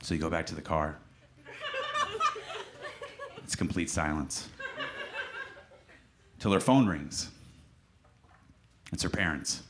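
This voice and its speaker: A young man doing a stand-up comedy set on a club stage, with a dry, deadpan delivery that sinks into mock-solemn quiet. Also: extremely low pitch, slow, pauses often, noisy background.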